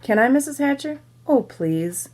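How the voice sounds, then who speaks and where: A woman's voice: high-pitched, expressive, normal speed, darkish tone, voice pushed up. A woman voicing a bossy, know-it-all schoolgirl in a storybook read-aloud, pushy and pleading by turns.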